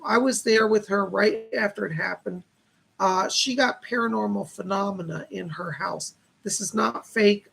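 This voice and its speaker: Gravelly, husky man giving psychic readings. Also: high-pitched, fairly bright tone. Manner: earnest, reassuring, thanks donors with blessings. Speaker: psychic medium host. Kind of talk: live-stream psychic readings.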